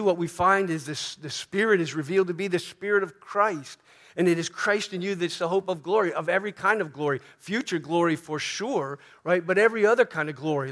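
Pastor guy preaching in church, earnest, bit higher voice, goes soft and prayerful. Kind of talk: sermon.

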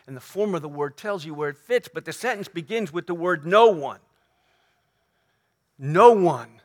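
A man preaching a sermon as pastor, earnest and emphatic, repeating key phrases and slowing down to stress quoted lines. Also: high-pitched, a bit bright. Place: church sanctuary.

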